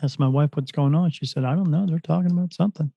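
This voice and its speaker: A fairly high-pitched man talks fast with vocal fry, recorded lo-fi with slight background noise. He's a spirit medium guesting on a podcast, casually telling a story, retelling events animatedly and acting out other people's lines.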